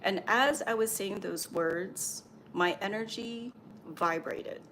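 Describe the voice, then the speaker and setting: A woman's voice: medium pitch, slow, fairly bright tone, slight background noise. A woman who works as a spiritual medium and Reiki healer, passing on channeled messages in a meandering, reassuring livestream talk full of fillers.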